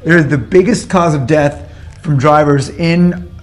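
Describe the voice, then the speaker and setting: A man's voice: on the high side, a little slow. A man who sings in a band, joking crudely and boastfully in a mock-serious backstage interview. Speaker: band's singer. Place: backstage at a venue.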